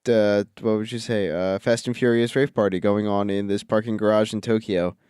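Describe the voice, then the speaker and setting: A man co-hosting a podcast, chatting about a film with quick jokey interjections. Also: on the low side, steady tone, darkish tone, clean tone, dry recording, studio quality. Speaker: podcast co-host. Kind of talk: casual movie recap chat.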